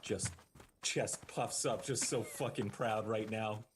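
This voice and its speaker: A man at a tabletop role-playing game, describing what his character does in a casual, wry manner. His voice is deep, with faint noise behind it. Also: steady tone, takes it slowly. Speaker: player. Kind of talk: narrating his character's actions.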